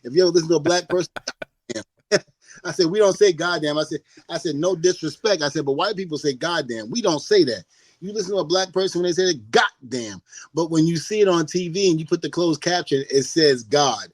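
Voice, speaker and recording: A man's voice: a little high, fast talker, darkish tone, no room sound, low-quality recording. A middle-aged man on a podcast, talking casually and animatedly, laughing and mimicking people as he tells stories. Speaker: podcast guest.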